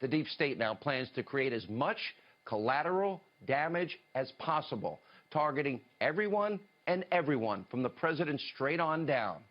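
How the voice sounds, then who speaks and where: A man's voice: fairly high pitch, animated, moderate pace, lo-fi sound. A man delivering an emphatic, indignant political commentary monologue in the style of a TV news commentator, often quoting statements.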